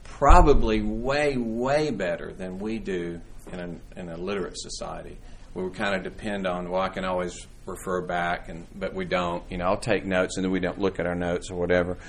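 A man with a fairly low voice leads a church Bible class. His talk is casual and meandering, full of restarts and fillers. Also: steady tone, normal speed, a little hiss or hum. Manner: conversational, rambling with restarts and fillers. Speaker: church teacher. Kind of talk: informal Bible class teaching.

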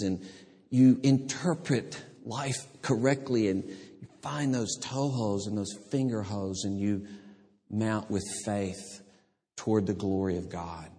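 A man pastor preaching a sermon, animated, acting out the voices of people in the story he tells. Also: mid-range voice, slightly rough. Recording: long hall reverb.

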